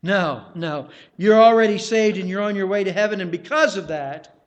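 A man's voice: high-pitched, expressive, normal speed. A male pastor preaching a sermon to his congregation, stressing key words and speaking straight to the listeners.

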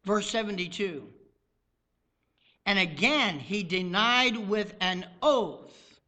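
A pastor from the American South preaching a dramatic sermon. His voice sits high and bright. He swings between hushed, intimate asides and loud, ringing outbursts. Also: expressive, slow pace.

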